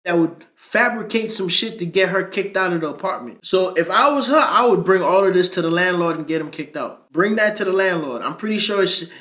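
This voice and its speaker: A man's voice: high voice, animated, brisk, few pauses, sharp tone. A man, giving reaction commentary. He talks bluntly and casually, with plenty of profanity and slang. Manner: blunt, profane, slangy, asks viewers to subscribe.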